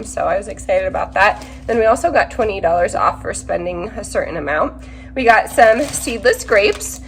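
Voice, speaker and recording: A woman's voice: on the high side, fairly bright tone. A woman in her thirties, a mother chatting casually through a grocery haul, talkative and practical with rambling asides, a little sick. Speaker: mother vlogger.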